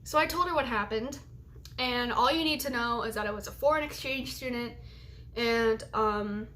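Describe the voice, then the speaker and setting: A woman's voice: fairly high pitch, normal speed, fairly bright tone. A young woman telling a heated storytime vlog, swearing as she retells a fight. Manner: heated, swearing, retells quotes in others' voices.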